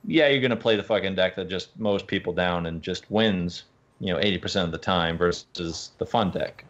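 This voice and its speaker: Low-voiced, swearing co-host man. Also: moderate pace, fairly bright tone, highs cut off. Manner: loose and profane, lots of "like". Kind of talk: casual chat.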